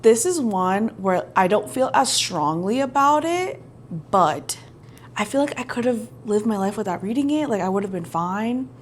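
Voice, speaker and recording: A young woman chats about her reading in a relaxed, playful way, her voice at a middle pitch. She breaks into lively, excited bursts. A faint hiss sits under the recording. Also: normal speed. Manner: chatty, playful, animated bursts of enthusiasm. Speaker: book vlogger. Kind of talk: casual chat.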